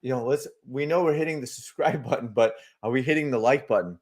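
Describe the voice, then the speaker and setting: A man hosts a live market stream, loosely speculating about charts and chattily reading viewer comments aloud before answering them, with plenty of fillers. He speaks quickly in a medium-pitched, slightly mellow voice.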